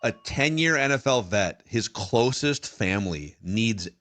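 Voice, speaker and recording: A man's voice: lowish voice, a little slow. A man co-hosting a football podcast, his voice rising and falling a lot as he talks. He teases his co-host and keeps the show moving along, sounding both playful and in charge. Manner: teasing, animated, plays straight man to his co-host. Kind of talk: casual chat.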